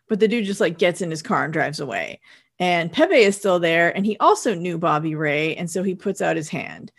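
A woman co-hosting a podcast, recapping a TV episode in relaxed, chatty storytelling. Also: mid-range voice. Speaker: podcast co-host. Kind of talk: casual chat recapping a TV episode.

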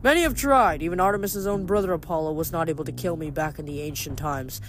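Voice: medium pitch, fast, a bit bright, slight background noise, lightly acted. Male giant hunter, silky and persuasive, menacing, audiobook reading, read in the reader's own voice. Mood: smooth menace.

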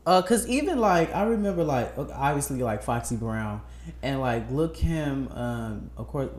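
A man's voice: mid-range voice, animated, moderate pace, a little mellow. A man co-hosting a podcast in casual chat, rambling with plenty of fillers and side-tracks. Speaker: podcast co-host. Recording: roomy echo.

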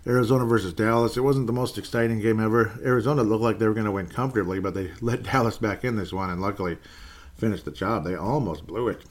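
A man's voice: fairly low pitch, fast talker. A man giving a casual solo recap of football games, wry and self-correcting. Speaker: sports commentator. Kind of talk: solo NFL recap commentary.

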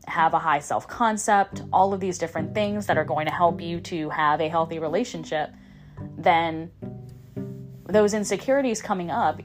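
Upbeat woman podcast host, coaching. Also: on the low side. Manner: upbeat, repeats and restarts, coaching tone. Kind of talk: casual motivational monologue.

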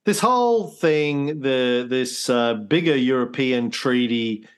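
A man's voice: mid-range voice, expressive, takes it slowly, clean tone. A man with an ordinary mid-range voice lays out historical events in an easygoing podcast chat. He restarts his sentences often and drops in dry jokes. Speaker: co-host.

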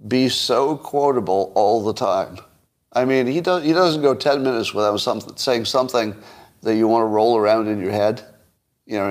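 Male solo commentary host, wry and conversational, thinks aloud as he goes. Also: fairly low pitch. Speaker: podcast host.

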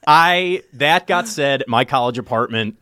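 A man co-hosting a casual film discussion, animated and heavy with fillers. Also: mid-range voice, normal speed, clean tone, no echo, clean studio sound. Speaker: podcast co-host.

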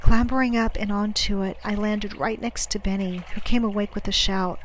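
Lady reading an audiobook, measured and dramatic, goes hushed at scary bits, faint noise behind. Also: mid-range voice, flat delivery, rough recording. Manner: measured, dramatic, dropping to a hush at tense moments. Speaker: audiobook narrator. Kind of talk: first-person audiobook narration.

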